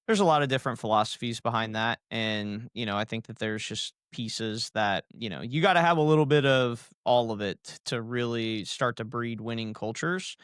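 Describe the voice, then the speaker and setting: A man's voice: medium pitch, fairly bright tone, clean tone, dry recording, clean studio sound. A man hosting a sports podcast talks in an easygoing, reflective way, stringing long thoughts together. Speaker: podcast host. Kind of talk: casual sports podcast talk.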